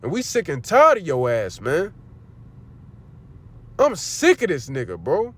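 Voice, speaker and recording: A man teaching a religious lesson on a livestream in a loud, angry, profane rant. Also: a little high, wildly swooping pitch, measured pace.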